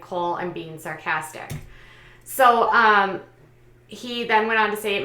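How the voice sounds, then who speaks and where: A woman who hosts a commentary channel recounts online gossip and reads out posts, talking conversationally with frequent pauses and fillers. Her medium-pitched voice is pushed and bright, and the sound is reverberant.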